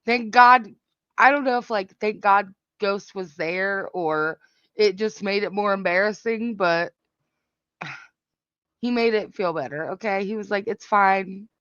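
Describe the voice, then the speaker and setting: A woman's voice: mid-range voice, a little slow, a bit bright, clear, resonant tone, no echo. A woman hosting a casual reaction chat, giggly, profane and exclamatory. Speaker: host reacting to clips. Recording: dull, dry lo-fi sound.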